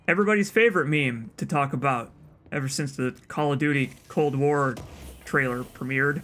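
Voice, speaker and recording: A man's voice: mid-range voice, moderate pace, a bit bright, soft background music. A man hosting a let's play, giving casual, wry commentary with stammered restarts.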